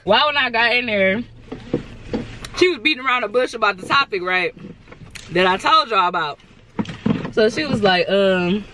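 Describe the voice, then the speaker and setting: A young woman tells stories in a casual vlog. She talks into a handheld phone from her car and a store aisle. She is chatty and animated, slipping into playful voices for the people she quotes. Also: mid-range voice, fairly quick, a little hiss or hum. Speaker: vlogger.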